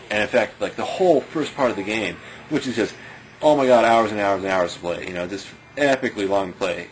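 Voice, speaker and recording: Low-voiced rambling man. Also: slight background noise, poor audio. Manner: rambling, heavy on fillers, chuckles often. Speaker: video commentator. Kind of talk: rambling casual commentary.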